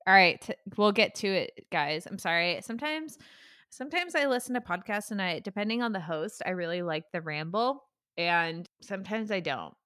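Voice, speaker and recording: A woman's voice: medium pitch, animated, moderate pace, a bit bright, no room sound, studio quality. A young woman co-hosting a podcast, telling stories in a chatty, giggly way with many fillers. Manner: laughs often, chatty storytelling with fillers. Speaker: podcast co-host. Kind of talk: casual chat.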